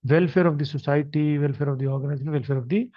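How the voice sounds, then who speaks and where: A man with an Indian English accent lectures on marketing while talking through slides. He speaks off the cuff and fills pauses as he goes. The recording is dry and somewhat dull. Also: fairly high pitch, steady tone, no room sound. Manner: unscripted explaining with many fillers.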